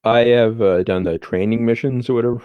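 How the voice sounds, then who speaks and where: A man co-hosting a podcast, talking in a halting, hesitant way. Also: medium pitch, fairly even intonation, smooth, no echo, lo-fi sound. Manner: hesitant, many fillers and restarts. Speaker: podcast co-host. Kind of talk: casual chat.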